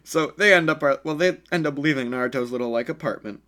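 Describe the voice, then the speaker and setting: A man's voice: fairly high pitch, quick pace, a bit bright. A man telling an improvised fan story in a casual, rambling way, with many fillers and self-corrections.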